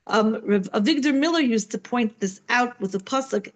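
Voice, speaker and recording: A woman's voice: a little high, lively intonation, moderate pace, few pauses, low-quality recording. A middle-aged woman teaching a Torah class online from home, chatty and full of "right?" asides. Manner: conversational, many fillers and "right?" asides.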